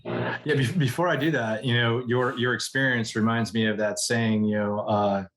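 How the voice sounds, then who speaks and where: Animated man telling stories. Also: medium pitch, normal speed, slight background noise. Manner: animated storyteller, acts out quoted voices, laughs often. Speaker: guest, general manager. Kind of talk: storytelling in a podcast interview.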